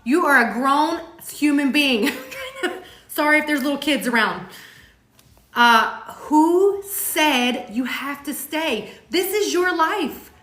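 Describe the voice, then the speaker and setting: A woman's voice: high voice, slow, a bit bright. Fervent woman speaking in an echoey room. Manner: emphatic, repetitive, swears casually. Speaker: co-host of a motivational talk show. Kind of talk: heartfelt motivational chat.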